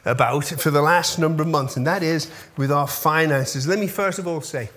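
A man's voice: fairly high pitch, normal speed, fairly bright tone, slight background noise. A man in his fifties, a pastor giving a casual update to his congregation, chatty and often checking in with his listeners, easily moved when he thanks them. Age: 50s.

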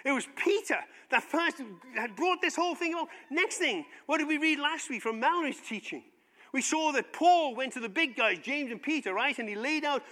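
A man's voice: extremely high pitch, a little fast, big-room sound. A man preaching a sermon as pastor, retelling Bible stories in casual modern speech and acting out the characters' lines. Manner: animated storytelling, acts out biblical voices in casual modern speech.

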